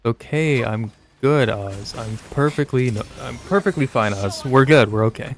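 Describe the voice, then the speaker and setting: A male gaming streamer talking casually over his gameplay, joking at his own expense. His voice has a gravelly edge, and his pitch sits in an ordinary middle range. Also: normal speed, a little hiss or hum. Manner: joking, laid-back.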